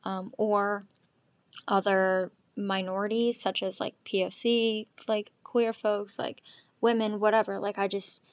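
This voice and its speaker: A woman's voice: mid-range voice, flat delivery, a little slow, dry recording. Rambling young woman chatting solo. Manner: rambling, lots of ums and likes, candid. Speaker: podcast host. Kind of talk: casual solo chat.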